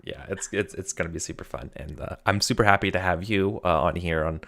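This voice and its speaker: Chatty low-voiced American game master. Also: male voice, brisk, vocal fry, a bit bright. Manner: rambling, chatty, laughs often. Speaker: game master and stream host. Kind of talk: casual live-stream game intro.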